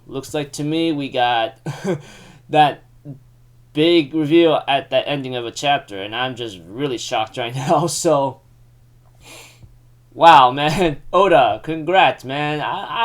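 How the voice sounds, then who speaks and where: A man's voice: medium pitch, takes it slowly. A young man casually recapping a comic chapter, rambling with many fillers and frequent laughs. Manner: excitable, rambling, laughs often, lots of fillers. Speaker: manga recap host.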